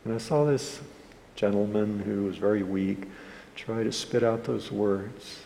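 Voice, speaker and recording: A male pastor with a low, dark, gravelly voice, preaching a sermon in which he tells an earnest story. His voice rings in a church hall with a long reverb and faint room noise. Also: a little slow. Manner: earnest storytelling, quoting others in dialogue.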